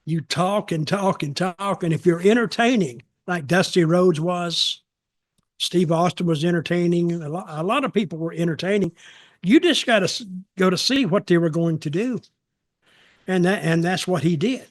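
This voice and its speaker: A man's voice: high voice, moderate pace, no room sound, studio quality. An older man, a former wrestler, telling rambling, folksy stories about his career in a casual chat. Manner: folksy, rambling, acts out quoted voices. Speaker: storytelling show host, former wrestler. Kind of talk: casual storytelling.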